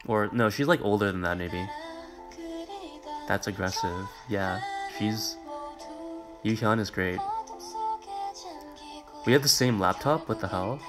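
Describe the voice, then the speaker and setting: Monotone young man chatting over music. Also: slow pace, pauses often. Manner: monotone, low-key; rambling, filler-heavy, reads comments aloud. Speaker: livestreamer reacting to music videos. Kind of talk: casual live-stream chat. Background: pop music playing.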